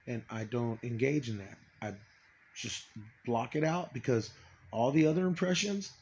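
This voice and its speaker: A man in a rambling personal monologue, swearing often, stopping and restarting, and trailing off quietly. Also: mid-range voice, slight background noise. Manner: profane, halting, trails off quietly.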